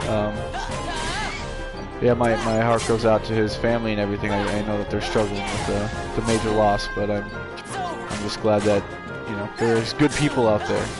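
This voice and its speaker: A man's voice: on the low side, little pitch movement, moderate pace. A man streaming live, telling a story from work in a rambling, casual way with frequent restarts. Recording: game music playing behind. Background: video game music.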